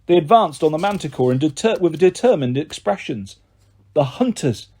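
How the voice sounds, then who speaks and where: Male audiobook narrator, lively pitch, husky tone, slightly high. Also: fairly quick. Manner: expressive storytelling.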